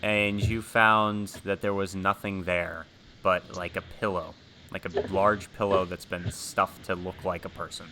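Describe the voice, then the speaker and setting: A man running a tabletop horror game as game master, relaxed, often asking the players what they do. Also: low voice, a little slow, slight background noise. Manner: relaxed, asks players questions, fillers.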